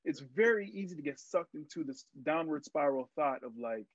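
A young man and actor, a podcast guest, telling stories in a casual interview, lively and full of fillers as he acts out what people said. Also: on the high side, moderate pace, dry recording. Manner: animated storyteller, acts out quotes, many fillers. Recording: dry, muffled lo-fi sound.

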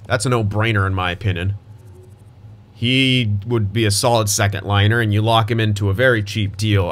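A man's voice: fairly low pitch, a bit bright. A young man giving casual gameplay commentary as a gaming YouTuber, thinking aloud and restarting his sentences, with hiccups and voice cracks.

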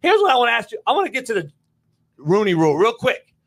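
A sports talk host with a strikingly high voice argues loudly and combatively, cursing as he presses his point. His tone is bright and forceful, cutting through the heated debate. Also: huge pitch swings, fast. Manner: loud, combative, swears often.

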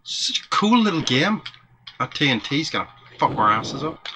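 A man playing a retro video game with a friend, excitable and swearing often, with sudden high squeals. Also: normal speed, background noise. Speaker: gamer. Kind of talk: casual co-op let's play banter.

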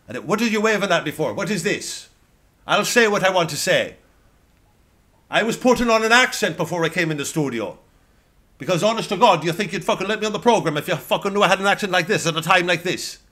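A man's voice: on the high side, animated, fast talker, sharp tone, voice pushed up. A man playing a sweary Irishman on television, ranting and rambling with an Irish accent. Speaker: comedian. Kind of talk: satirical character monologue.

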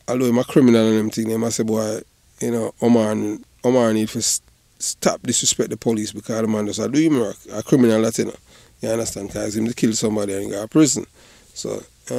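A Jamaican man rambles through casual patois commentary in a low, gravelly voice. He keeps circling back with "you know" and "you understand". The sound is dry and close. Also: dark tone, dry recording. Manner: rambling, repeats "you know", bursts into laughter. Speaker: online commentator.

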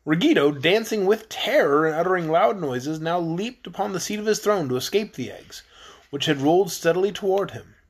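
A man narrating a children's fantasy book in a steady storytelling manner. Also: high-pitched, brisk. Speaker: audiobook narrator. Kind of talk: storybook reading.

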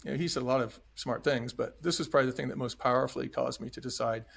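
A middle-aged former restaurant chain executive tells his story as a podcast guest, earnest and emphatic, often acting out what others said. He talks fast in a mid-range, steady, creaky voice with a fairly bright tone.

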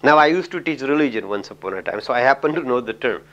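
A man's voice: medium pitch, animated, fast talker, fairly bright tone, highs cut off. A man with an Indian English accent giving a lecture, telling anecdotes in a chatty way, full of "you know" and little chuckles.

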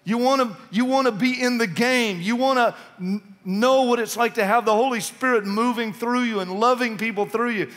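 High-voiced man preaching in a reverberant church. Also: moderate pace, hardly any pauses, fairly bright tone. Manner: impassioned, urgent exhortation. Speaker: pastor. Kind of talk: sermon. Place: church sanctuary. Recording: long reverb of a church hall.

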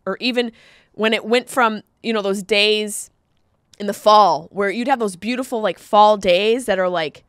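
A woman hosting a podcast, telling stories in an animated comedic monologue with jokey asides. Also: mid-range voice, clean tone, dry recording, studio quality.

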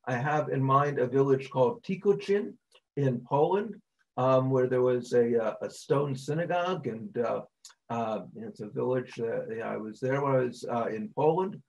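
A man teaching a class as a rabbi, telling a story in a halting way with many ums and uhs. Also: medium pitch, a little mellow, lo-fi sound. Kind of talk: storytelling in a lecture.

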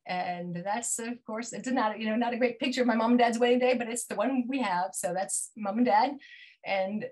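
A middle-aged woman telling a personal story over a video call, acting out dialogue with big jumps in pitch and sinking to a hush at tender moments. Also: moderate pace, low-quality recording. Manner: drops to a hushed near-whisper at tender moments. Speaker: featured storyteller.

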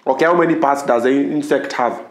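A man's voice: mid-range voice, fast, reverberant, a little hiss or hum. A man hosting a casual interview, quizzing and teasing his guest playfully. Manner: teasing, playful, bursts of laughter. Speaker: host.

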